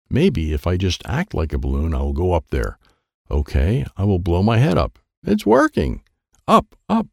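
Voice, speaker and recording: Animated, gravelly male storybook narrator. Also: deep voice, dry recording, clean studio sound. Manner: animated, playful sound effects. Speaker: audiobook narrator. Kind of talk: reading a children's chapter book.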